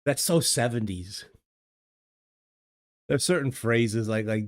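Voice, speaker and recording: Speaking slowly with frequent pauses in a mid-range voice, an older man from the United States reads chat while hosting a casual livestream. He's hesitant, repeating words and chuckling a lot, using a desk mic in his home streaming studio, with clean studio sound and no echo.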